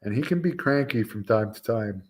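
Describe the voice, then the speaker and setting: A man's voice: on the low side, expressive, normal speed, darkish tone. A man in his forties hosting a wrestling talk stream, chatting casually with viewers in a rambling way, full of fillers and restarts. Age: 40s. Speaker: wrestling show host. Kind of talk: casual live-stream chat answering viewers.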